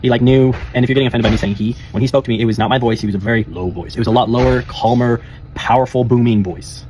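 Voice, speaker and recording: A man's voice: medium pitch, steady tone, fast talker, a little mellow, a little hiss or hum. A young man speaking casually and earnestly in a rambling personal monologue, often laughing and restarting his sentences. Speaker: life coach.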